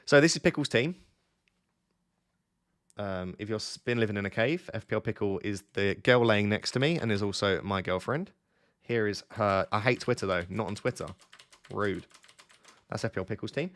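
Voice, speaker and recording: A man's voice: lowish voice, moderate pace, long pauses, fairly bright tone. A young man hosting a casual late-night live stream from his bed at home, chatty and teasing as he talks to his chat. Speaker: fantasy football streamer, host.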